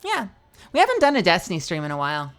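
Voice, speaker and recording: A woman's voice: lowish voice, huge pitch swings, fast talker, faint music behind. A woman livestreamer chatting casually and playfully with her viewers, greeting people and joking around.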